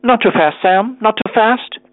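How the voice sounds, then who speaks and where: Winkle, a flustered gentleman, as a man puts him on, tinny radio. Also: a little high, big pitch swings, brisk, slight background noise, pitched above the performer's own voice. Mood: anxious. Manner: flustered, eager to please. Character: nervous, fussy young gentleman on skates. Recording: tinny dry radio broadcast.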